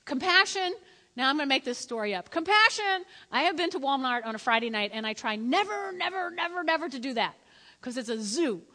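A middle-aged woman preaches with bright, forceful energy, joking and acting out little scenes as she goes. Her somewhat high voice rings out through a large hall with long, trailing reverb. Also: quick pace. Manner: animated, jokey, acts out voices. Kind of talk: lively sermon.

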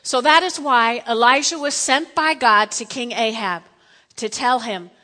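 A woman's voice: a little high, measured pace, pushed and bright, long reverb tail. A woman teaching a Bible lesson in a chatty, playful way, with asides to her listeners.

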